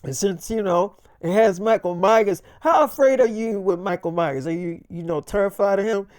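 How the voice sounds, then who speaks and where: A man's voice: high voice, normal speed, few pauses, darkish tone, smooth, no echo, studio quality. A man telling an improvised story in a casual, rambling way and swearing a lot.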